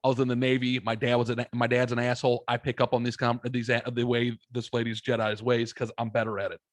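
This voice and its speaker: A man's voice: mid-range voice, monotone, fast, no room sound. A man in his thirties telling a story in casual podcast chat, blunt and profane, acting out both sides of the conversation. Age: 30s.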